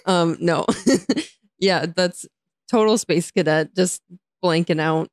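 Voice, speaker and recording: Casting: young American woman, co-host, giggly and playful, slightly low voice, dry close sound. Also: takes it slowly, no room sound. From United States. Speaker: podcast co-host. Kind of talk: casual chat.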